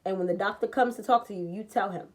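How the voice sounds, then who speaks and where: Telling a personal story for a casual vlog, a young woman is animated, heated, and profane, performing the dialogue as she goes. Her pitch is medium and she talks at a quick pace.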